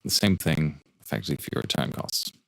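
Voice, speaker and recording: A man teaching a fast spreadsheet walkthrough for startup finances, talking quickly with joking asides and rhetorical questions. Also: rumbling low, creaky, fairly bright tone, no echo, studio quality.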